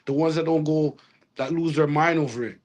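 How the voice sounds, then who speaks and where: A man's voice: on the high side, fairly even intonation, a little fast, crowd noise. Man telling a rambling story. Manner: rambling with restarts and Jamaican slang. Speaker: reggae artist guest. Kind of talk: casual interview storytelling.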